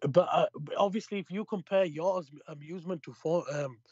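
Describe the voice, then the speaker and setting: A man with a slightly raised pitch answers defensively in a heated debate. He hesitates, restarts and talks casually. His audio comes through dull and lo-fi. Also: fairly quick, crowd noise.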